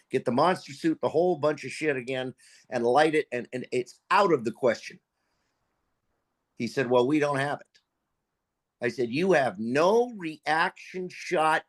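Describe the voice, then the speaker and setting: Swearing man telling a film story. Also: mid-range voice. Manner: animated, profane anecdote with acted quotes. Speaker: guest filmmaker. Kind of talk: casual storytelling.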